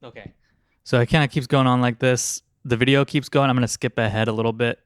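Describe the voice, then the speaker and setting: A man's voice: mid-range voice, fairly even intonation, quick pace, clear, resonant tone, no echo, clean studio sound. A man co-hosting a podcast in a laid-back, wry, slightly hesitant chat. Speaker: podcast co-host.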